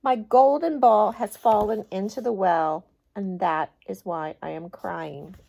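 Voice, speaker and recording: A woman voicing a young spoiled princess, pouty and impatient, in a bright, emphatic girlish voice as she reads a storybook aloud. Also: mid-range voice, measured pace, gravelly.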